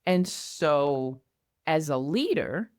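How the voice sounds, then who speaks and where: Middle-aged woman guest, candid storyteller, acts out her reactions, slightly low voice, dry close sound. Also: extremely slow, no echo. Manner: animated, acts out her own past reactions.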